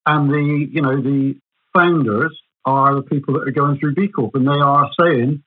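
A man speaking as a consultant, with a husky voice. He lays out his case steadily and leans on examples. His voice comes through a thin, phone-like line. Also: medium pitch, fairly even intonation. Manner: measured, builds points through examples. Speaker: business consultant. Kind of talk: explaining in a podcast conversation.

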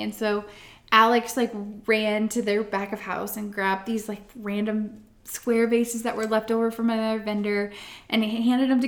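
A woman co-hosting a podcast, telling a long story in an animated casual way, full of "like" fillers. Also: fairly high pitch, echoey room. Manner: animated storyteller, acts out quotes, many "like" fillers. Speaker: podcast co-host, event florist.

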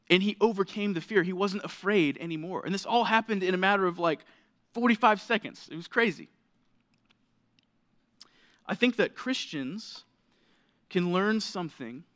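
A young man preaching to a college group, casual and chatty, acting out parts of his story. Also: fairly bright tone. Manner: casual, storytelling, acts out scenes with rising pitch. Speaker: pastor. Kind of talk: sermon. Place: lit stage before a college group.

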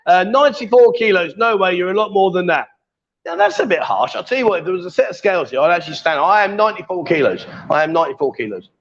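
A man's voice: high voice, very animated, fast, muffled recording. A man hosting a casual live stream, teasing and joking as he reads out viewer comments. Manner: jokey, teasing, coaxing. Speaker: livestream host.

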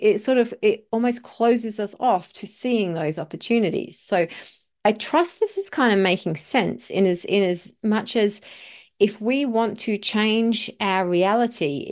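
A woman hosting a solo motivational podcast, talking in an earnest, emphatic way and repeating phrases for effect. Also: mid-range voice. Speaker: podcast host.

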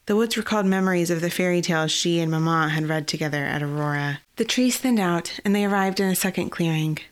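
A woman narrating a fantasy novel in a steady, even storytelling voice. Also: fairly low pitch, fast talker. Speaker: audiobook narrator.

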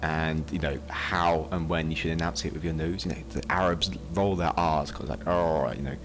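A man's voice: very deep voice, steady tone, normal speed, music in the background. A man playing a tabletop game, rambling enthusiastically in casual chat. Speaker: player.

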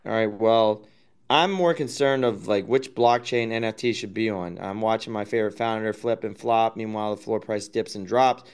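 A man's voice: lowish voice, normal speed, smooth. A man chatting casually, swearing often and mocking his friends. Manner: profane, mocking. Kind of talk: casual chat.

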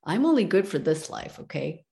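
A woman's voice: on the low side, big pitch swings, normal speed, gravelly, a little mellow. A woman voicing a young, beautiful and selfish wife who bluntly refuses her husband. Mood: indignant.

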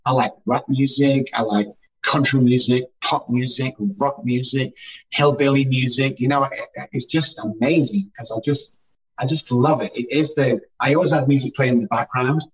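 A man speaks with insistent emphasis, circling back to the same phrase to drive each point home. His voice sounds set back from the microphone and comes through dull and muffled, like a remote call. He talks at an ordinary middle pitch. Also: steady tone, moderate pace. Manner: emphatic, repeats phrases for effect. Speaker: guest, addiction recovery speaker. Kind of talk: conversational interview storytelling. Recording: distant, muffled remote audio.

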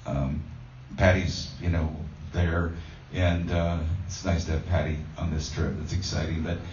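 Low-voiced pastor rambling through a story, lots of ums, far from the mic, dull roomy sound. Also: male voice, flat delivery, unhurried, darkish tone, slight background noise. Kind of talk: conversational sermon.

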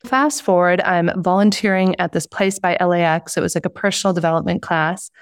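A woman hosting a conversational interview, telling a quick anecdote in an upbeat way. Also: on the low side, smooth, no echo. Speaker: host.

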